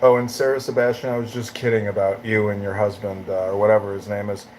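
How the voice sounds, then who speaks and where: A man's voice: fairly low pitch, little pitch movement, quick pace, a little mellow, slight background noise, rough recording. A man hosting a live audio chat room, ranting in a profane, taunting, swaggering way.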